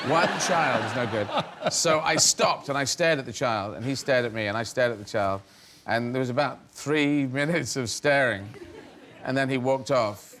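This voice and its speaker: There's a little hiss or hum as a middle-aged comedian from England, guesting in an interview, tells rambling, self-mocking stories and laughs partway through sentences. He speaks at normal speed with a medium pitch and a fairly bright tone.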